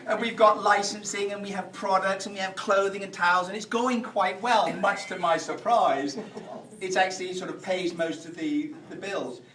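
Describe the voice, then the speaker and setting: A middle-aged man from England giving a humorous speech at a function, animated and shouting punchlines. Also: high-pitched, normal speed. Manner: animated storyteller, shouting punchlines amid laughter. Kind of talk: humorous after-dinner speech. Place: function hall with audience. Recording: echoey hall, distant mic, noisy.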